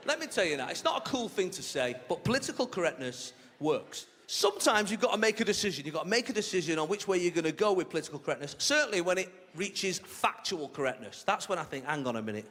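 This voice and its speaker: A male stand-up comedian doing a set with a cheeky, animated delivery, slipping into silly character voices. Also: high voice, fast, hardly any pauses, in a large hall. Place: large theatre stage. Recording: live theatre recording with audience laughter.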